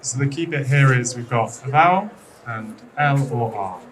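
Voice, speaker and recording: A man's voice: mid-range voice, moderate pace, far from the mic, noisy background. A man with a British accent teaching English pronunciation to a classroom, chatty and teasing, with lots of ums. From Britain. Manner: chatty, hesitant with frequent ums, playfully teasing. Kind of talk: classroom lesson.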